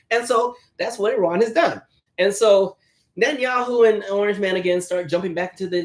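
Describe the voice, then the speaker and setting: A man hosting a casual commentary chat. He talks conversationally, keeps asking "right?", and slips into quick mocking voices. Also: high voice. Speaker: host.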